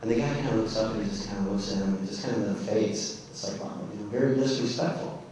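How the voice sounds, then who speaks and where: A man's voice: lowish voice, fast talker, a little mellow, slight background noise. A man giving a keynote speech, telling stories in a folksy, casual way. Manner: folksy storytelling. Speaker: keynote speaker. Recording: echoey hall, distant mic.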